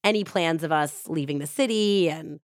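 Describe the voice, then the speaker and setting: A woman's voice: low voice, moderate pace, no echo, clean studio sound, close to an everyday voice. A woman voicing a pleading, apologetic young husband. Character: abusive young husband, angry then pleading.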